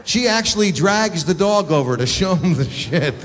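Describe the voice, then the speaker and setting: A man performing stand-up comedy, telling crude, exasperated stories with quick acted asides. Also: sits high, animated. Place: theater stage. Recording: live show in a large hall, audience noise.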